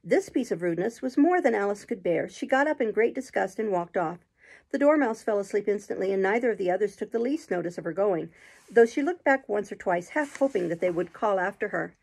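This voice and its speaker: A woman reading a children's storybook aloud, gentle and steady, with an even, unhurried flow. Her voice is soft and a little husky, at a middle pitch. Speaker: host reading a children's classic.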